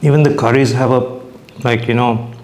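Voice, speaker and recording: A man's voice: mid-range voice, fairly even intonation, normal speed, a little mellow. A young man casually reviewing dishes as he eats, chatty and hesitant, restarting his sentences and talking with his mouth full. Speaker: food vlogger.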